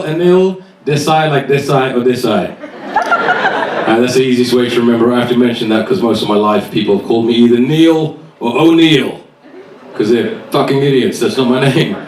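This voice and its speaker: A man doing stand-up, swearing freely and teasing the audience. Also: medium pitch. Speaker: stand-up comedian. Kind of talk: stand-up comedy set with crowd work. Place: comedy club stage. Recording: echoey club, distant mic, loud audience.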